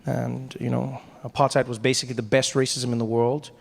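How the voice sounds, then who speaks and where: A man's voice: medium pitch, little pitch movement, fairly quick, creaky. A South African man performing stand-up comedy, telling playful stories and often laughing mid-line.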